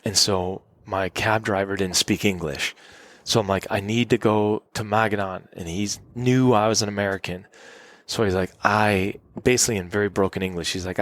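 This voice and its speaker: Middle-aged male podcast guest, lowish voice, dry close sound, rambling anecdotal storyteller. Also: fairly even intonation, normal speed, few pauses, fairly bright tone, no echo. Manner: rambling anecdotal storytelling, acts out quoted people. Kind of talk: casual storytelling interview. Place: cabin.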